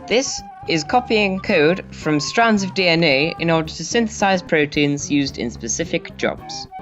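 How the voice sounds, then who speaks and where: A man voicing a gruff, rude male teacher who lectures curtly and hurls insults. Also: lively intonation, measured pace, a bit bright. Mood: lecturing. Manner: deep, curt, insulting, lecturing. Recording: dull lo-fi audio with faint music.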